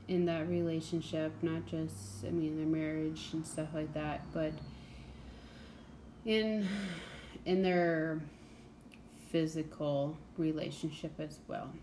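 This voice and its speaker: Young woman, mellow lowish voice, blunt casual book chat, filler-heavy, faint noise floor. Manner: chatty, blunt, many fillers and "like"s. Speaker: book podcast host.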